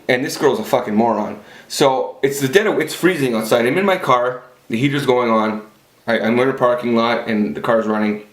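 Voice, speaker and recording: A man telling a personal story in a rambling, profane, blunt monologue to a camera. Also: medium pitch. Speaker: vlogger. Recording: echoey room.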